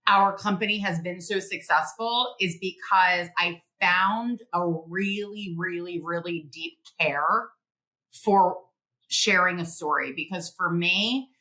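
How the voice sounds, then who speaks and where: A middle-aged woman, a guest author, telling stories in an animated interview, acting out quotes and laughing often. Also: fairly low pitch, slow, low-quality recording. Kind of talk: podcast interview, storytelling.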